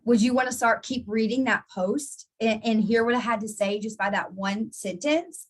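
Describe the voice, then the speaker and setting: A woman's voice: fairly high pitch, normal speed. A chatty woman coaching her marketing team in a casual live session. She talks in an easygoing, encouraging way, often restarting sentences and repeating words. She answers viewers by name as she goes. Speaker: network marketing team trainer. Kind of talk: casual live training talk.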